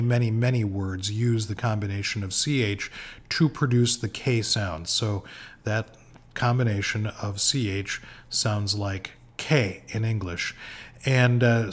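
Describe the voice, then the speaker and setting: A man giving an informal pronunciation lesson, slow and patient, with frequent fillers, repeating each word for practice. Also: fairly low pitch. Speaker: language teacher.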